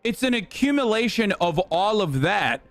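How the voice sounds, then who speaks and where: A man reacting to news clips as a streamer, delivering rapid, profane, exasperated live commentary. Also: high-pitched, sing-song, a bit bright.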